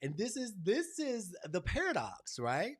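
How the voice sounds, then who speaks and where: Animated man hosting a spiritual live stream. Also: sits high, a little slow. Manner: animated storyteller, swings between loud excitement and soft hush; casual and affectionate, calling viewers "y'all", "baby" and "honey". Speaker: channel host. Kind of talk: live-stream chat, spiritual pep talk.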